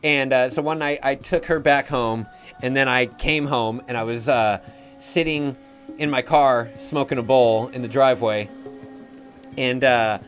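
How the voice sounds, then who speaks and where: A young adult man telling a long, rambling, profanity-heavy story in a casual way, getting loud when he acts out his own shouting. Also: medium pitch, fairly even intonation, unhurried, soft background music.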